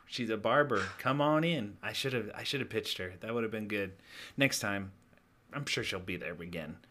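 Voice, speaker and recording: A man's voice: lowish voice, normal speed, background noise. Laid-back man telling stories on a podcast. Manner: laughing storyteller, trails off and restarts. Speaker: podcast co-host. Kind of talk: casual podcast chat.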